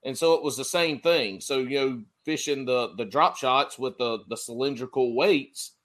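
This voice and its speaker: A man hosting a casual podcast, animated and quick to laugh, swearing freely. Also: mid-range voice. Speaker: podcast host. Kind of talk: casual chat.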